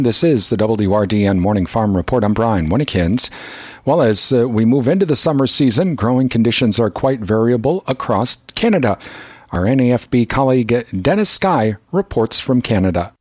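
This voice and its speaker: A male radio host opens a morning farm show with a friendly, slightly informal announcer delivery. His voice sits in an ordinary middle pitch for a man. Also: animated, fairly quick, darkish tone, no echo, studio quality.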